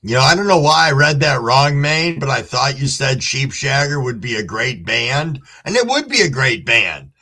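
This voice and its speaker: A man's voice: mid-range voice, very animated, normal speed, hardly any pauses, bright, forceful tone. A middle-aged man hosting a casual livestream, greeting viewers by name and reading chat aloud in a laid-back way. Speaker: livestream host.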